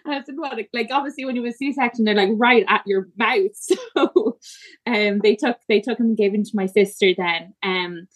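A woman on a podcast recounting her birth story, emotional and halting, with many fillers and restarts. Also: medium pitch. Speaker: podcast guest. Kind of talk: personal storytelling in conversation.

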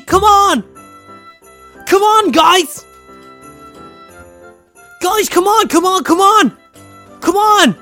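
A man's voice: very high voice, creaky, bright, forceful tone, heavily acted. A man playing a 22-year-old man-child who is wildly overexcited, shrieking and whining like a little boy. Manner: shrieking, breathless, whiny.

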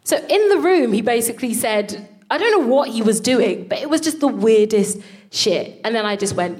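Animated woman telling a comic story. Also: on the high side, normal speed. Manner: animated, swears freely, laughs through lines. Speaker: co-host. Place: live venue with an audience.

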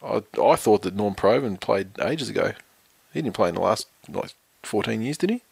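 A man's voice: on the low side, lively intonation, normal speed, vocal fry, husky, dry recording. Male host, sardonic, swearing, in a dry booth. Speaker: podcast host. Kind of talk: casual sports banter, reading news.

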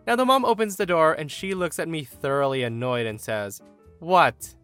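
Animated male story reader. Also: a little high, a little fast, smooth, soft background music. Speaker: story narrator. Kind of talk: reading a forum story aloud.

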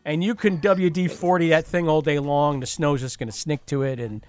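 A man's voice: a little high, fairly even intonation, normal speed, clear, resonant tone, soft background music. A man hosting a podcast in casual chat, jokey and chatty, with many fillers and restarts. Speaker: podcast host.

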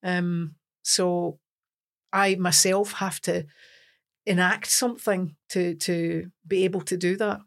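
A Scottish woman from Scotland, a singer as an interview guest, telling lively stories with laughs in casual chat. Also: lowish voice, slow, vocal fry. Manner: lively storytelling with laughs and acted-out quotes.

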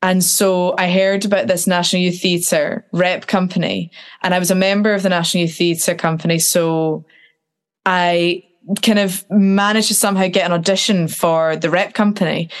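A woman's voice: fairly low pitch, normal speed. A woman in her twenties telling stories from her life in a casual interview, acting out what people said. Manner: animated, acts out quotes. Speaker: guest. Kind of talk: casual storytelling.

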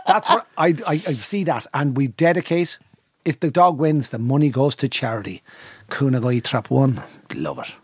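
A man's voice: mid-range voice, animated, normal speed, slightly rough, dry recording. A man co-hosting a podcast, rambling with enthusiasm in casual chat. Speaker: podcast co-host.

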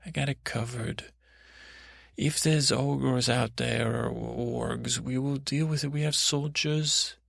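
A proud, temperamental queen from a bedtime tale, as a man puts her on. She rambles and restarts in a gravelly voice, recorded close and dry. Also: mid-range voice, steady tone, fairly bright tone, dry recording, exaggerated voice. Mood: commanding. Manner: rambling, halting, full of restarts.

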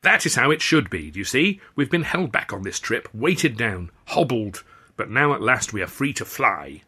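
A man's voice: on the low side, sing-song, fast, bright, forceful tone, slightly rough, heavily acted. A man voicing a pompous, self-satisfied young male comedian who boasts and preens. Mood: boastful.

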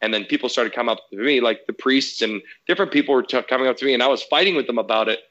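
Bright-voiced man in a profane rant. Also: mid-range voice, rapid-fire, lo-fi sound. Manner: heated, profane ranting storyteller. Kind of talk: casual podcast chat.

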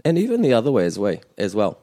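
A man hosting a bilingual language lesson, explaining in a measured way with small restarts. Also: fairly low pitch, wildly swooping pitch, mellow, no room sound, studio quality. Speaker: te reo Māori teacher and podcast host.

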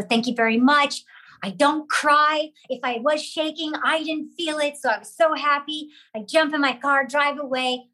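An actress telling a lively story about her career, acting out other people's lines as she goes. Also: high-pitched, poor audio. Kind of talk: animated storytelling with acted quotes.

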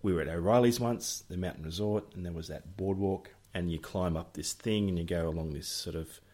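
Middle-aged Australian man, deep and husky, casual podcast storyteller. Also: brisk, warm tone. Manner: jokey, laughs often, acts out family members' voices. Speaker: podcast co-host.

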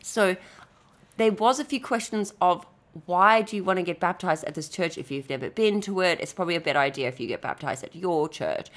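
A woman's voice: on the low side, brisk. A woman co-hosting a casual chat, playful and laughing often. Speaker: podcast co-host.

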